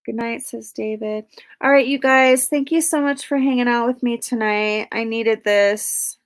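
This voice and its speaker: A woman's voice: on the high side, steady tone, measured pace. Woman livestream host, casual and profane, reads viewer comments aloud.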